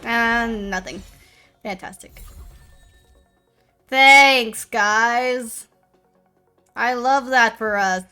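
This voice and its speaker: A woman's voice: fairly high pitch, extremely slow, pauses often, bright, forceful tone, clear, resonant tone, soft background music. A young woman streamer giving casual gameplay commentary, swearing and playing up mock-dramatic self-pity.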